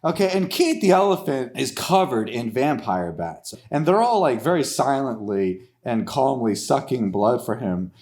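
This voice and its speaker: A man's voice: medium pitch, big pitch swings, moderate pace, hardly any pauses, darkish tone. A man co-hosting a comedy podcast, narrating an improvised story in a rambling way with many fillers. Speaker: podcast co-host.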